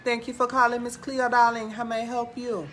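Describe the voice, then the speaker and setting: A man's voice: very high-pitched, level tone, brisk, crowd noise. A man voicing a brash, flamboyant female psychic hotline host with a drawl who says "darling" constantly. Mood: sassy. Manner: drawling, peppers every line with "darling".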